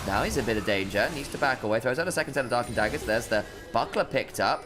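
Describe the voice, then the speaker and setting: A man casting a pro game with quick play-by-play calls and silly, rambling asides. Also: medium pitch. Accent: English. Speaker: esports caster. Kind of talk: play-by-play esports commentary. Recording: music bed under the voice.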